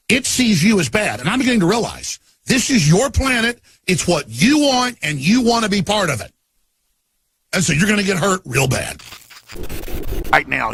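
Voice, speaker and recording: A middle-aged man delivering an impassioned rant, swinging from low, intense muttering to loud shouting, with a gravelly, husky voice. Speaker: talk show host.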